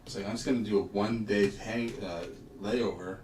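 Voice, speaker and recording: A man's voice: lowish voice, fairly even intonation, normal speed, a little mellow, a little hiss or hum. A man, chatting casually and rambling through stories while working on a puzzle livestream. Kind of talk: casual chat. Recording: echoey room, mic far off.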